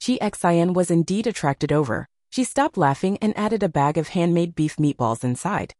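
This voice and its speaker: Expressive woman narrating a novel. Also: lowish voice, normal speed, dry recording, studio quality. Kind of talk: scripted audiobook narration.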